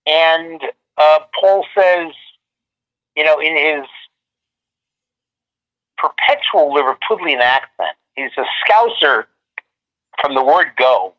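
A man's voice: on the high side, lively intonation, slow, pauses often. A man, a photographer guest, telling long stories in a casual interview, rambling with many restarts and fillers, heard over a remote call. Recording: muffled lo-fi line.

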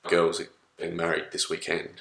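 A man's voice: sits low, monotone, a little fast, gravelly, pushed and bright, reverberant, low-quality recording. A man, thinking aloud in a casual chat with restarts. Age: 30s. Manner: thoughtful, rambling with restarts.

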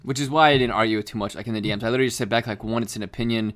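A man's voice: mid-range voice, steady tone, rapid-fire, fairly bright tone. A young man, the podcast co-host, chatting casually, full of fillers and restarts and swearing often. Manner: rambling, profane, frequent fillers and restarts. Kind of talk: casual chat.

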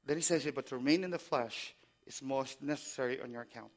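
A man preaching a sermon, moving between quiet, reflective passages and loud, impassioned exhortation, often asking the congregation to respond. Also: medium pitch, brisk. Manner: asks the congregation for call-and-response. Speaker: pastor.

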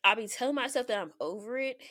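A woman with a Southern US accent co-hosting a podcast in casual chat, talking fast so her words run together. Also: on the high side, animated, pushed and bright, no echo, clean studio sound. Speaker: podcast co-host.

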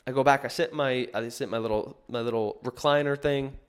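This man's story comes out quick and rambling, packed with fillers, restarts, and self-corrections. His mid-range voice is clear and resonant, with fairly even intonation.

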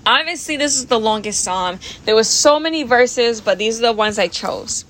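A woman reading scripture aloud at an unhurried pace, correcting herself now and then and adding brief personal asides. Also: fairly high pitch, animated, fairly bright tone. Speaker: scripture reader.

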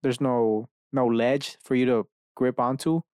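A man's voice: medium pitch, steady tone, unhurried, a little mellow, clear, resonant tone, dry recording, clean studio sound. Rambling, profane man ranting solo. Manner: meandering, profane, self-mocking. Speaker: podcast host. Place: his bedroom.

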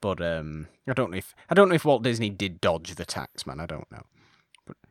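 A man's voice: low-pitched, sing-song, a little fast, dry recording, studio quality. A man hosting a casual podcast chat, rambling and correcting himself as he talks, with frequent chuckles. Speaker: podcast host.

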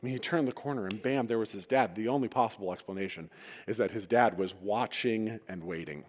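A man's voice: fairly low pitch, a little fast, darkish tone. A man preaching a sermon, retelling a story with humorous asides. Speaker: pastor. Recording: long reverb of a large hall.

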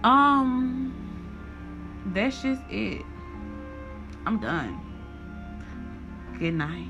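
A woman's voice: on the high side, lively intonation, very slow, lo-fi sound, music in the background. A woman hosting a podcast and giving a casual review of a horror movie, swearing, using heavy slang and laughing often as she talks. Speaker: podcast host.

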